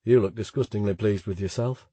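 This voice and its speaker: A man's voice: lowish voice, fairly quick, dark tone, breathy edge, no echo. A man voicing a crude, cheerful young male student with a Yorkshire accent, blunt and swearing. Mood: teasing.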